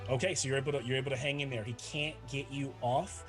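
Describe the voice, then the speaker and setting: A man's voice: mid-range voice, fairly even intonation, fast talker, faint music behind. A man running a tabletop role-playing game as dungeon master, chatty and often laughing, with many restarts.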